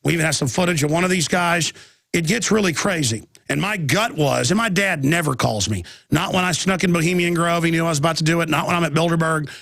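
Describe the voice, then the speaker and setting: A radio host in his thirties with a Texan accent rambles through a long story, piling up restarts and acting out other people's lines. His voice sits high for a man and is gravelly. The sound is dry and close. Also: fast, fairly bright tone, no room sound. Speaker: radio talk show host. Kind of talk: live talk radio monologue.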